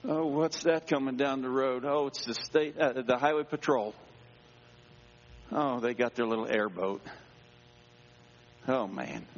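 A male pastor telling a personal story in a sermon, dramatic, dropping to a hush and rising again. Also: mid-range voice, a little slow, long pauses. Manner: dramatic, swings between hushed and raised voice. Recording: dull sound with long hall reverb.

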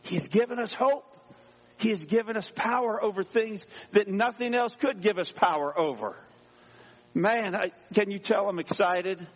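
Pastor, male, high-pitched, preaching with energy; dull recording in a reverberant church hall. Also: normal speed, slightly rough. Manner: energetic, exclaiming, calls for amens. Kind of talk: sermon. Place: church sanctuary. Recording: dull sound in a long-echo hall.

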